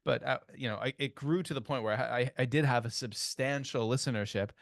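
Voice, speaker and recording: A man's voice: medium pitch, a little fast, gravelly, no echo, clean studio sound. A man with a Canadian accent hosting a podcast, telling stories in a chatty way with many restarts. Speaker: podcast host. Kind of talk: casual podcast chat.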